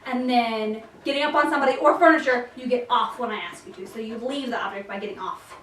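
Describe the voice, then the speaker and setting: A woman's voice: a little high, quick pace, fairly bright tone, far from the mic, a little hiss or hum. A young woman working as a dog trainer, explaining her methods to viewers between commands and praise to the dog. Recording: echoey room, voice off-mic.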